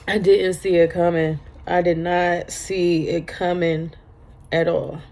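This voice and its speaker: A woman in her thirties telling a personal story in a vlog, halting and tearful, repeating her words as she cries at times. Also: lowish voice, flat delivery, darkish tone. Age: 30s. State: crying at times. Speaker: vlogger.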